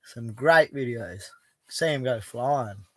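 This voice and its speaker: A middle-aged Australian man from Western Australia hosts a casual live chat from an outback bush camp. He speaks slowly at a medium pitch with no echo, keeping a blunt, laid-back manner and swearing freely.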